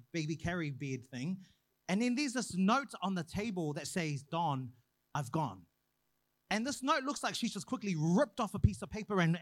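A young man preaching a sermon, praying and then telling a personal story in an animated way. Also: high voice, no echo. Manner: animated storyteller, acts out quoted voices.

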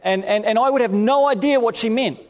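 A middle-aged man preaching a sermon as pastor, reading scripture slowly and telling stories from his own life. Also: extremely high pitch, slight background noise. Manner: storytelling, measured scripture reading.

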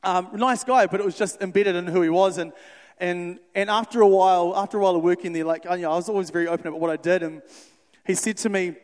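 A young man, a youth worker telling stories in a sermon, animated and conversational, acting out the dialogue. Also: high-pitched, fast. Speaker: youth worker speaking to a church. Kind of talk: storytelling sermon. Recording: reverberant hall.

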